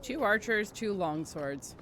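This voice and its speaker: A woman's voice: medium pitch, takes it slowly, slight background noise. A woman streamer chatting casually while playing a video game. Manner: chatty, relaxed, reminiscing. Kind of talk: casual gameplay commentary.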